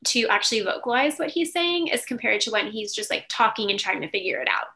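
A woman's voice: a little high, expressive, fast talker, sharp tone. A woman co-hosting a podcast, telling a personal story in casual chat, rambling and full of "like" and "um".

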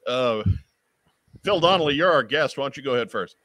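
Bright-voiced man hosting a chat show. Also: mid-range voice, lively intonation, fairly quick, no echo. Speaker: podcast host. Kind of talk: casual chat on a live video call show.

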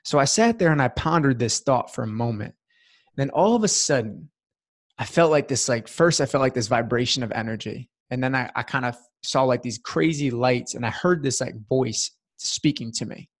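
A man's voice: mid-range voice, lively intonation, moderate pace. A man, a guest in a casual interview, telling a personal story in an earnest, heartfelt way with many fillers. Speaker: podcast guest.

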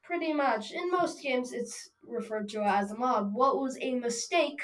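A woman's voice: a little high, unhurried. A young podcast host chatting eagerly and teasing her co-host. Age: child. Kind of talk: casual chat.

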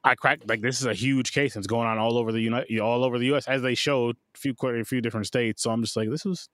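A man's voice: medium pitch, steady tone, quick pace, a bit bright, no room sound, studio quality. A man co-hosting a casual movie podcast, giving scores and opinions in a loose, swearing manner. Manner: laid-back, talks through opinions with fillers and swearing. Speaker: podcast co-host. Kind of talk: casual movie review chat.

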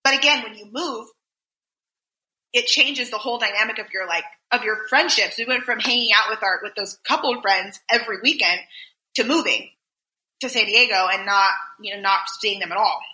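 Woman, tired, chatty, very bright voice, echoey room, call audio. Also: fairly high pitch, moderate pace. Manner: chatty, lots of "like" and "you know". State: tired, yawning. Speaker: podcast co-host. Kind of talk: casual chat. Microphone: video call. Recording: roomy echo.

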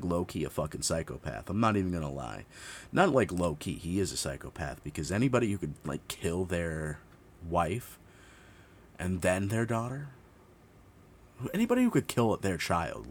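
A very low-pitched man reads a true-crime account at a steady pace, catching and correcting his own slips as he goes. Now and then he drops the script for blunt, swear-laden asides. A faint hiss of noise sits under the voice.

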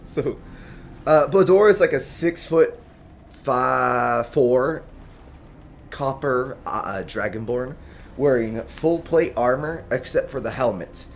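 A man's voice: medium pitch, animated, takes it slowly, a little hiss or hum. A man playing a tabletop game, rambling through his character's description with lots of likes and ums. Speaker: player. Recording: faint music behind.

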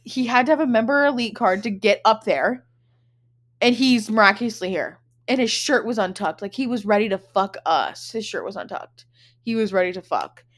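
A young woman co-hosts a casual podcast and spins a chaotic story. She talks loosely and swears often, and she slips into quick impressions of the people in it. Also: mid-range voice. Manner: animated, profane storytelling with acted-out quotes. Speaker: podcast co-host.

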